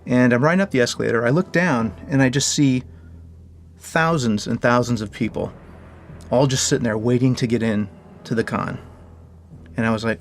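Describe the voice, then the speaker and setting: A game developer recounting a story in an interview, animated and joking. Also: male voice, mid-range voice, fairly quick, soft background music. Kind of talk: interview anecdote.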